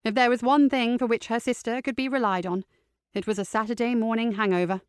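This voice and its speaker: A woman reading a novel aloud in steady, scripted narration. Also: fairly high pitch, a little fast, smooth, dry recording, studio quality. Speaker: audiobook narrator.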